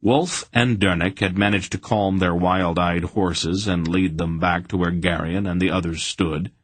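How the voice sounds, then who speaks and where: Low husky guy reading an audiobook, steady, dry close sound. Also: measured pace, no room sound. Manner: steady storytelling. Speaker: audiobook narrator. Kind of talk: scripted narration.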